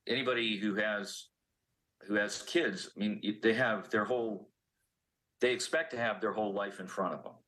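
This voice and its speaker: A man's voice: lowish voice, moderate pace, fairly bright tone, low-quality recording. A man speaking as a panelist on a local TV news discussion, reflective and questioning. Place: TV studio.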